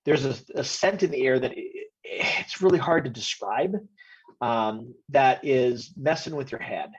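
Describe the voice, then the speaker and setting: Husky game master, hesitant, lo-fi sound. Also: male voice, medium pitch, measured pace. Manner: hesitant, many ums while describing scenes. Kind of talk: narrating a tabletop game over video call. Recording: dull lo-fi audio.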